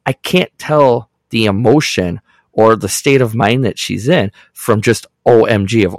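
A man's voice: fairly low pitch, a little slow, no echo. A middle-aged man co-hosting a podcast, telling stories and acting out text messages in casual chat. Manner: storytelling, acts out text exchanges. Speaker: podcast co-host.

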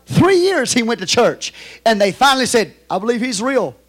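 A man with a Texan accent preaching a sermon as pastor, moving from quiet storytelling to loud, shouted exhortation. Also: very high-pitched, very animated, moderate pace, slightly rough.

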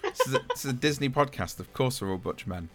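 A man's voice: medium pitch, wildly swooping pitch, quick pace, fairly bright tone, soft background music. A man in his thirties hosting a podcast, chatting casually and teasing his co-hosts. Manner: joking, teasing. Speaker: podcast host. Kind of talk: casual chat.

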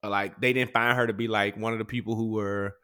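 A man co-hosting a podcast, talking in animated casual chat and laughing often as he tells stories. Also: lowish voice, a little fast, smooth. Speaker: podcast co-host.

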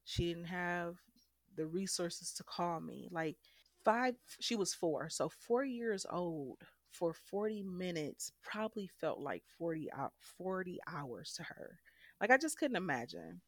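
A young woman speaks frankly about her life, pressing hard on the points that matter to her. Her voice sits a little low. It is recorded close and dry, with no room sound. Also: animated, unhurried, no echo. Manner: candid, emphatic, frank. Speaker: guest telling her story. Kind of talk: emotional personal storytelling.

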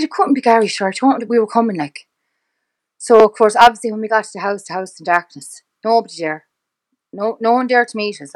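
A middle-aged Irish woman, a podcast guest, retelling events in conversation. She talks in a fast, halting way, acting out past dialogue with many restarts. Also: mid-range voice, fairly bright tone, low-quality recording. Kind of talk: personal storytelling in conversation.

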